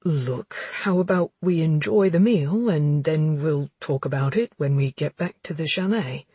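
A woman's voice: sits low, a little slow, warm tone, breathy edge, no echo. A woman doing a drawling, placating man. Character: easygoing male peacemaker friend.

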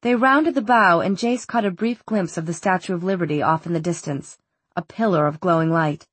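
A woman narrating a novel in a measured, steady way, on a close studio mic. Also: on the low side, slightly rough, no echo. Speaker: audiobook narrator. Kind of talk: scripted narration.

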